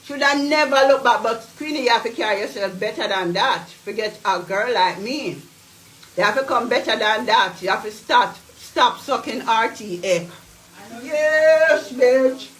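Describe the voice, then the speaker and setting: Brash high-voiced Jamaican woman ranting. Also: moderate pace, fairly bright tone, echoey room, slight background noise, rough recording. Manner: brash, taunting, heavy patois. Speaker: vlogger. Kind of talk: ranting monologue.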